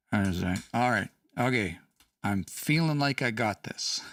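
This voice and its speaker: A man's voice: on the low side, a little slow, gravelly, fairly bright tone, no echo, distant mic. A man teaching language casually on a livestream, chatty, laughing and reading out chat comments.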